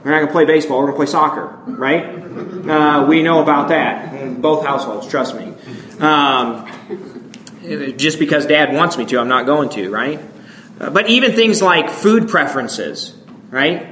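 Speaking at a moderate pace with a voice on the high side, a northern American preacher delivers a conversational sermon from the northern United States, adding animated emphasis and frequently asking "right?" The audio is roomy and low quality.

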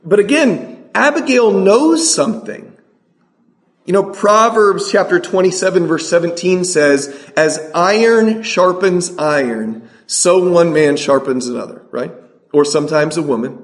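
A man preaching a sermon, asking his congregation rhetorical questions and reading scripture aloud slowly. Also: sits high, reverberant.

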